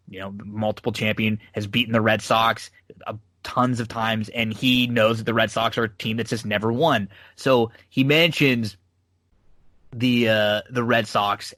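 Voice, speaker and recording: A man hosting a podcast, telling wrestling stories in casual, animated chat. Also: lowish voice, no room sound. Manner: animated storytelling, recounting matches. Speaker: podcast host.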